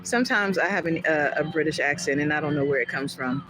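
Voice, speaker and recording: A woman's voice: deep voice, fast talker, background noise. Chatty woman rambling on a livestream. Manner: chatty and rambling, jumping between topics; animated, often laughing. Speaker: livestream host. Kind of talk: casual livestream chat with viewers. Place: home in California.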